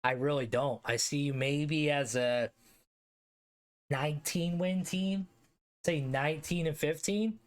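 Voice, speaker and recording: A man's voice: on the high side, fairly even intonation, takes it slowly. A man with a Philadelphia accent hosting a live stream, ranking hockey league teams in a loose, slangy way, swearing and answering chat aloud. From Philadelphia area, US. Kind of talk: casual live-stream commentary.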